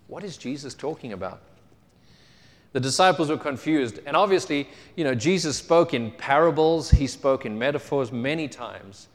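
Male preacher, conversational storytelling sermon, average pitch, reverberant hall sound. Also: animated, normal speed. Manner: storytelling, conversational, with fillers and rhetorical questions. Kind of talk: Bible reading and sermon teaching.

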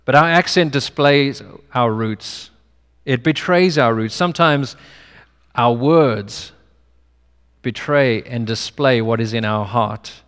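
Here a pastor takes his time, his mid-range voice a bit bright, clear and resonant. He preaches in a relaxed, conversational way, drawing on his own stories, with a non-American English accent and a long reverb from the hall.

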